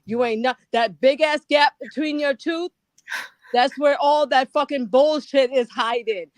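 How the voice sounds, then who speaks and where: A woman's voice: sits high, unhurried, dry recording. Angry profane woman on a livestream. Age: older. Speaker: livestream guest. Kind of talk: heated livestream rant.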